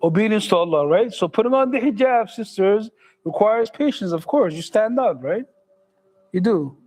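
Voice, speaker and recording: A middle-aged imam with a high voice gives a loose, conversational sermon in a mosque hall. He jokes with the congregation and keeps asking them questions. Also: lively intonation, normal speed, a little mellow. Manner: joking, conversational, asks the audience questions.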